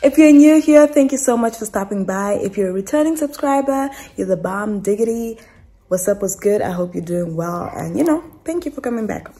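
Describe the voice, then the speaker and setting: A young woman with a Namibian accent addresses the camera at home in a casual, emotional, rambling vlog full of fillers and restarts. Her medium-pitched voice is warm, fairly quick and lively in intonation.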